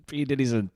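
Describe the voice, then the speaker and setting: A man's voice: on the high side, warm tone, no room sound, studio quality. A man co-hosting a casual beer podcast, joking and teasing his co-host and laughing often.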